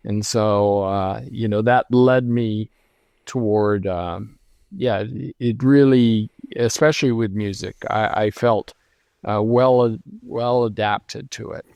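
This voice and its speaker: An older man, a lighting designer guest, telling stories in a relaxed interview with many fillers. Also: lowish voice, slow, smooth, no echo. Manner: reflective storytelling, many fillers. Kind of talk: casual interview conversation.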